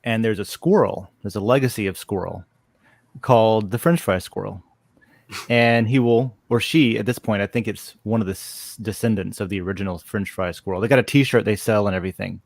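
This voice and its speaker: A man's voice: lowish voice, fairly quick, gravelly, no echo. A man co-hosting a casual live chat show, telling a story in a meandering way with frequent fillers and restarts. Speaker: podcast co-host. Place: lives in a Florida college town.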